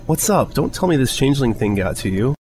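A man's voice: medium pitch, very animated, fairly quick, a little mellow, slight background noise, pitched above the performer's own voice, natural voice. A man putting on a weary tough pegasus mare. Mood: weary, gentle. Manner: tired, protective, blunt.

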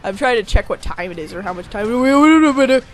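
A let's play commentator giving casual, rambling gameplay talk, excitable and quick to whine or shriek at setbacks. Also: medium pitch, soft background music.

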